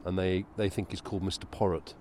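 Low-voiced man chatting outdoors in a park. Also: level tone, fast, darkish tone, a little hiss or hum. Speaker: podcast co-host. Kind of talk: casual chat and reading aloud on a walk.

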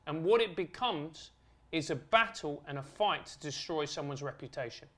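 A man talking as a podcast guest, earnest, building his points in steady repeated lists. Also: a little high, moderate pace. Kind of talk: conversational argument.

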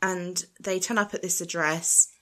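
A woman's voice: on the low side, fairly even intonation, a little slow, bright, forceful tone. A woman recapping a film in casual chat, chatty and giggly with exasperated asides. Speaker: podcast co-host recapping a film.

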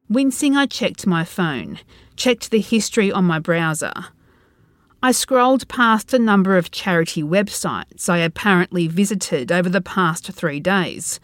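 A woman's voice: lowish voice, no room sound. A woman narrating a first-person horror story in a tense, dread-filled storytelling manner.

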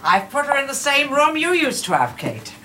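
Brief: a prim TV-drama aunt, cheery and dismissive, her pitch swooping widely. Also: huge pitch swings, normal speed, sharp tone, slight background noise, exaggerated voice. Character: fussy, prim older woman, an aunt who brushes off bad news. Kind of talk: television drama acting.

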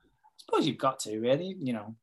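A man's voice: mid-range voice, expressive. Sweary man recapping a show. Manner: sweary, acts out characters' lines in quick impressions. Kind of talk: casual chat recapping a TV episode.

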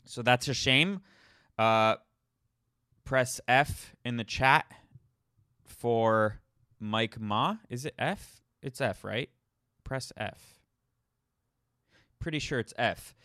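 Male podcast host, casual solo rambling, lots of false starts; bright, tense tone, mid pitch. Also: drawn-out words, pauses often, no room sound, clean studio sound. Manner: rambling, with frequent restarts and repeated words.

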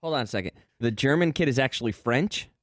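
A man's voice: mid-range voice, lively intonation, fast talker, no room sound. A man co-hosting a casual chat, wry and dry, steering the talk with questions.

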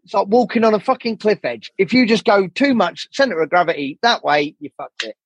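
A man's voice: high-pitched, animated, a little fast, breathy edge, no echo. A man as a podcast guest, talking candidly and rambling, swearing often and acting out the people he quotes. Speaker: podcast guest, jazz saxophonist.

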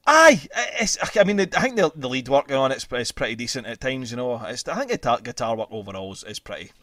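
A man's voice: mid-range voice, big pitch swings, fast, fairly bright tone, no room sound. Sweary Scottish man, dry sound. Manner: sweary, laughs often, many restarts. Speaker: podcast host. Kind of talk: casual chat.

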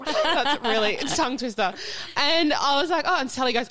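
A woman's voice: on the high side, quick pace. A woman, co-hosting a podcast and telling stories animatedly. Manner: animated, laughing storyteller. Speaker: podcast co-host. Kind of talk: casual chat.

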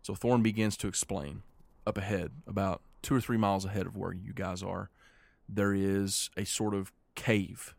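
A man narrating a tabletop game podcast as game master, relaxed and rambling. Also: low-pitched, moderate pace, vocal fry, no echo. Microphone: podcast mic.

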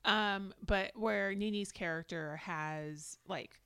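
A woman co-hosting a podcast, chatting casually as she recaps a reality episode, animated and quick to laugh. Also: mid-range voice, clean tone, dry recording, studio quality. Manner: animated, laughs often, puts on quoted voices. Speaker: podcast co-host.

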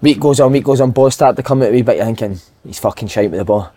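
A man, a podcast co-host and former footballer, telling a lively, swear-filled dressing-room story in casual chat. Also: medium pitch, fast, breathy edge. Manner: swearing, animated anecdote-telling with put-on voices.

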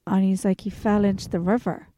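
An Irish woman co-hosting a podcast, telling an animated story in casual chat and acting out the voices of the people in it. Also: mid-range voice, brisk. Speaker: podcast co-host.

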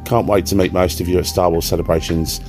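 A man's voice: low-pitched, level tone, quick pace, a little mellow, soft background music. A man from Suffolk, giving an earnest, sincere recorded message of congratulations. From Suffolk, England.

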